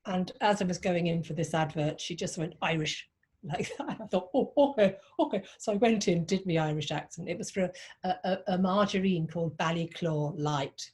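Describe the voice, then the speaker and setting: A woman actor shares her stories in a chatty, lively way, full of ums and restarts. Her voice sits fairly low. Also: moderate pace. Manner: lively anecdotes, frequent fillers. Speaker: actress. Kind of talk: anecdotal storytelling.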